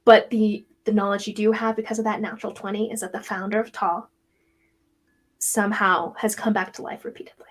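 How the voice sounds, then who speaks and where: A woman narrating a tabletop role-playing game as game master, explaining in a relaxed way with fillers. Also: mid-range voice, fairly quick.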